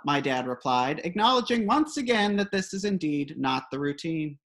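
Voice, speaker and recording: A woman's voice: sits low, fairly bright tone. A woman reading her own comic personal essay aloud in a wry, dry storytelling manner.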